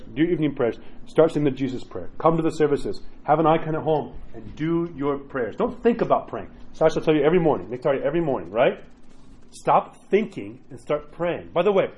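A fast, animated priest gives a conversational teaching, joking and acting out the thoughts of his listeners. His voice sits fairly high for a man. The recording sounds dull and lo-fi.

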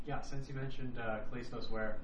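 A man's voice: mid-range voice, steady tone, fairly quick. A man in the audience asking a question, a little hesitant. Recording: distant mic with crowd behind.

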